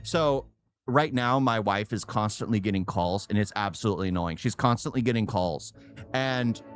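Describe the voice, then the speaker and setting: A man hosting a reaction video, rambling casually and chuckling as he talks. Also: mid-range voice. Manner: rambling, self-interrupting, chuckles often.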